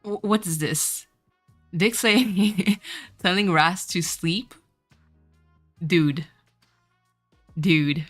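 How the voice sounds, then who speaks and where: A woman from France, with French as her first language, chats with her viewers while she plays, laughing often. Her voice sits low and she takes her time, with soft game music playing faintly underneath. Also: extremely slow, pauses often. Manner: chatty, laughs often, reacts to chat. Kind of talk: casual gameplay commentary, chatting with viewers.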